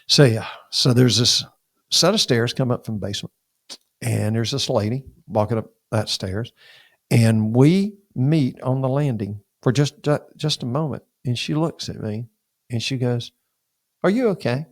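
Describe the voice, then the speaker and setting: Older pastor, gravelly voice, vivid storyteller who voices the other people, dry close mic. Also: male voice, mid-range voice, moderate pace, no room sound. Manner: animated storyteller who acts out dialogue. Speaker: pastor and podcast guest. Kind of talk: personal storytelling in an interview.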